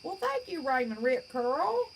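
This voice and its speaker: A West Virginia woman in her fifties hosts a livestream, reading viewer comments and chatting in a blunt, folksy, outspoken manner. Her voice is high and very animated, yet she takes her time. The recording is rough, with slight background noise.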